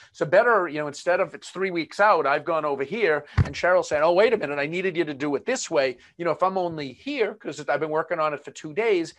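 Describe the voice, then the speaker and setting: Man, Boston accent, webinar presenter, higher voice, loose chatty delivery with ums and asides. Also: a bit bright. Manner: conversational, many fillers and asides. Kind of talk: live webinar lecture.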